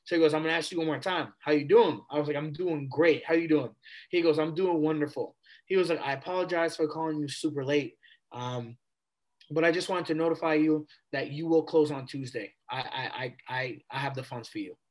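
A man in his twenties, a podcast guest, telling a story in a casual, animated way and replaying conversations with casual slang. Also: a little high, brisk. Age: 20s.

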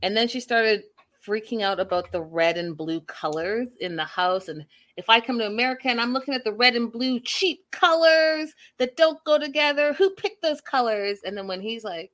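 A woman vlogger chatting casually and recapping a show in an animated, gossipy way. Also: a little high. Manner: animated, gossipy, speeding up and slowing down. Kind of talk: casual chat.

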